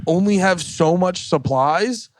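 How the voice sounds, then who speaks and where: A man talking casually on a podcast, animated and profane, slipping into voices to act out bits. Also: sits high, slow pace, no room sound. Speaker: podcast host. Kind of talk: casual chat.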